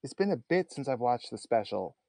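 A man's voice: medium pitch, big pitch swings, brisk, a little mellow, no room sound. A man chatting casually as a podcast guest, laughing often and rambling with restarts. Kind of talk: casual chat.

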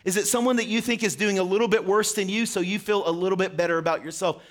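A man's voice: high-pitched, steady tone, fast. A man preaching a short sermon, earnestly asking questions and speaking directly to his listeners. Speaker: pastor.

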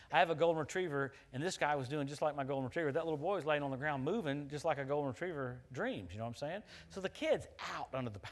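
Animated preacher with a lively voice. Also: male voice. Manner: swings from loud emphatic preaching to low storytelling; animated, laughs at his own stories. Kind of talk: sermon.

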